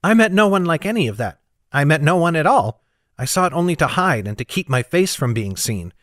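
A male narrator puts on a frightened young noblewoman who hides her fear behind sharp pride. Her voice sits higher than his own, read close and dry for an audiobook. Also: very animated, dry recording. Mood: defensive. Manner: anxious, proud, quick to snap.

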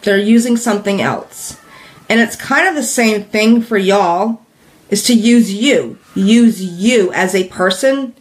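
A woman teaching in a live stream, talking casually with many fillers, asking viewers questions, repeating her points and laughing lightly. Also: fairly high pitch. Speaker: direct sales business coach.

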